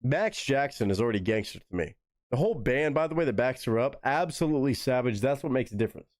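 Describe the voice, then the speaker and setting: Lively, animated man reacting on stream. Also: mid-range voice, fast, no room sound, studio quality. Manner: enthusiastic, profane, addresses chat viewers by name. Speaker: live stream host reacting to music. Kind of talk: casual reaction commentary.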